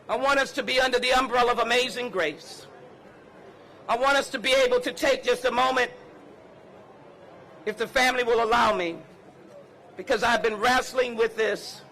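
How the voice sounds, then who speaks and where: A lawmaker addressing a rally in an impassioned public speech, with rhythmic, building oratory and slow, counted pauses. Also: male voice, extremely high pitch, bright, forceful tone, a little hiss or hum, poor audio.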